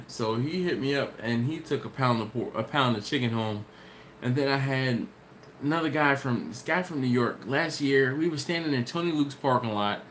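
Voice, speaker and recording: A man's voice: medium pitch, normal speed, slight background noise. A man hosting a live barbecue channel stream, answering chat questions in a loose, rambling way and laughing often. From Maryland, US. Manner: casual, rambling storyteller with frequent laughs.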